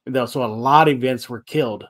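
A man hosting a sports podcast, talking in an energetic, rambling way that repeats itself, with a few ad reads. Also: medium pitch, quick pace. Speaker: podcast host. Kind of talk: sports podcast talk with read ads.

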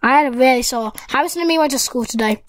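A school-age girl giving excitable, rambling gameplay commentary as a gaming YouTuber, talking straight to her viewers. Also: sits high, racing, rough recording.

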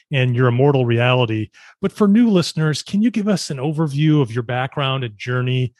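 A man's voice: medium pitch, dry recording, studio quality. Friendly man hosting a podcast. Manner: friendly, upbeat introductions. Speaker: podcast host.

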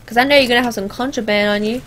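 A woman doing let's play commentary, sarcastic and animated, talking back at the characters on screen. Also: fairly high pitch, racing, slight background noise, poor audio. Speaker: gameplay commentator.

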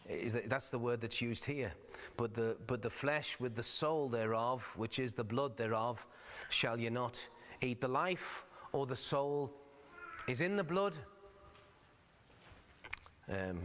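A man's voice: mid-range voice, a bit bright, a little hiss or hum. Man preaching in a reverberant church. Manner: conversational, explanatory preaching; reads scripture in old-fashioned wording. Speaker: pastor. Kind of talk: sermon. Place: church sanctuary. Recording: long church hall reverb.

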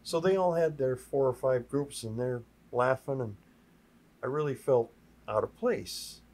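A man in his sixties from Minnesota, a sign painter telling lively stories as a podcast guest. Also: mid-range voice, a little slow. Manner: lively anecdotes, acting out other people's lines in a raised voice. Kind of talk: storytelling in a podcast chat.

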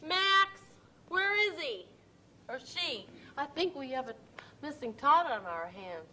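A flustered high-voiced lady, bright and slow. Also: expressive, slight background noise, exaggerated voice. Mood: delighted. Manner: gushing, flustered, stammering. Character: fussy excitable woman hunting her lost tot. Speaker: worried mother looking for her child. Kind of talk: children's educational TV sketch.

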